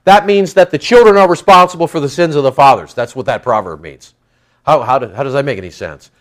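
A man giving a conversational Bible teaching, asking his listeners rhetorical questions and reading scripture aloud louder and slower. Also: medium pitch.

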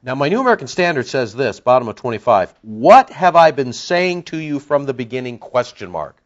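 A man preaching a verse-by-verse Bible teaching sermon, moving between emphatic bursts and low, confiding explanation. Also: very animated, brisk. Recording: dull lo-fi recording.

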